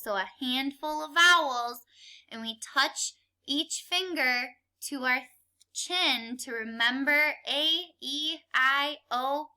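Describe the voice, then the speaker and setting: A woman teaching young children a calendar lesson, leading counting and spelling drills in a clear, sing-song, encouraging way. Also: high-pitched, bright, forceful tone. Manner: encouraging, playful. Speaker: kindergarten teacher.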